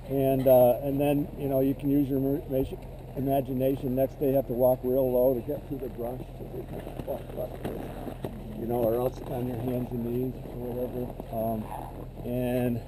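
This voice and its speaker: A man's voice: mid-range voice, noisy background. A man teaching fellow instructors, explaining a drill while walking through cones. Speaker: ski instructor.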